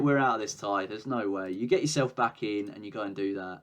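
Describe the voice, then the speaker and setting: A man's voice: on the low side, brisk. Frustrated man commentating a football game. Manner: frustrated, swears, commentates excitedly. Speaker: gaming YouTuber. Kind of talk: let's play commentary.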